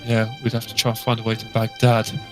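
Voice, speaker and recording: Man, co-player, measured and thoughtful, casual chat, clear music underneath. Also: mid-range voice, completely flat delivery.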